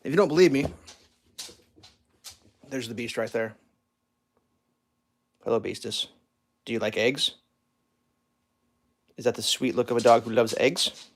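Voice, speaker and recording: A man's voice: medium pitch, unhurried, long pauses, a little hiss or hum. A man vlogging casually while cooking in his home kitchen, rambling and chatting with his dog.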